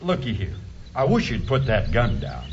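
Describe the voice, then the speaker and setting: An actor playing an indignant small-town sheriff with a blustering rural drawl, in a radio drama. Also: male voice, fairly low pitch, wildly swooping pitch, moderate pace. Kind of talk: 1940s radio acting. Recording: dull lo-fi radio recording, faint hiss.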